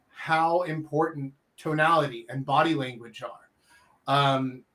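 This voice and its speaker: Guy hosting a dating advice show, acts out what girls say, pretty lively. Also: on the high side. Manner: animated, acts out quoted reactions, emphatic. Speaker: podcast host and dating coach. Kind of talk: casual advice talk.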